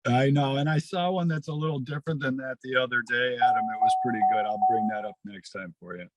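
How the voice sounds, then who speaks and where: A man's voice: medium pitch, fast talker, heavy background noise. A man in casual podcast chat, laughing often and agreeing with the host.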